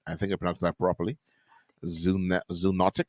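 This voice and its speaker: Deep-voiced Bahamian man chatting on radio. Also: flat delivery, moderate pace, no echo, studio quality. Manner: chatty, laughs often, restarts mid-sentence. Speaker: radio co-host. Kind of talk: casual chat. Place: radio studio.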